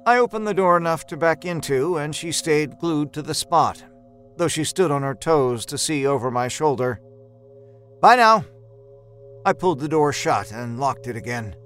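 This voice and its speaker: Man telling a horror story over soft music. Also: fairly high pitch, normal speed. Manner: tense, hushed narration with sudden shouts. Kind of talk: first-person horror story narration. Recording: narration with a faint music score.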